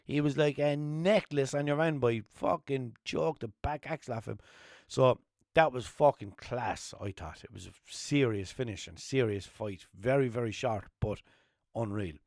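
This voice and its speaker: A young Irish man from Limerick hosts his podcast in a loose, rambling storytelling flow, swearing freely and breaking into lively quoted voices. His voice sits at an ordinary middle pitch for a man, and the recording is dry and close, with no room echo. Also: normal speed. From Limerick, Ireland. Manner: rambling, swears a lot, jumps into animated quotes. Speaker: podcast host. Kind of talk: casual storytelling monologue.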